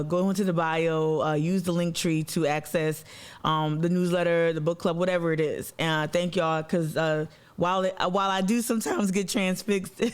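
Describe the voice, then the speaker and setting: A man's voice: fairly high pitch, clean tone. A man hosting a casual political livestream, talking loosely with many fillers and greeting viewers by name. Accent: Southern US. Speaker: livestream host.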